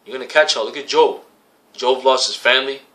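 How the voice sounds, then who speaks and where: A man with a bright, forceful voice preaching in loose street talk. He swears freely, quotes scripture and hammers his points home with repeated phrases. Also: mid-range voice, fairly quick. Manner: profane and slangy, repeats phrases for emphasis. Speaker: religious camp member preaching. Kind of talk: casual street-style preaching.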